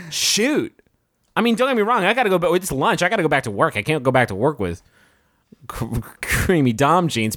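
Animated, riffing male co-host. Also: fairly high pitch, no echo, studio quality. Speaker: podcast co-host. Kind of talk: casual comedic chat.

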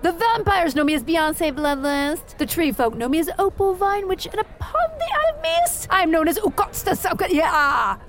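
A woman's voice: very high-pitched, sing-song, normal speed, hardly any pauses, background noise. A woman improvising a grandiose, vain female wizard who gushes theatrically. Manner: theatrical, gushing, starstruck. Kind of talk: improvised comedy role-play.

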